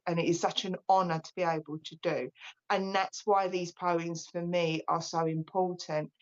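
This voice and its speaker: A woman in her forties, a psychic medium talking on a live stream in a relaxed, chatty and openly emotional way. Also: lowish voice, dull audio. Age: 40s. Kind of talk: live-stream spiritual talk.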